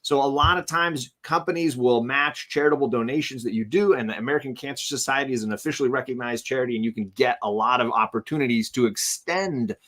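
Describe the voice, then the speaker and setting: A man's voice: medium pitch, fast, few pauses, a bit bright. A man hosting a casual charity livestream, with a middle-range voice. He rambles with plenty of fillers and stops to thank donors by name. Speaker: livestream host.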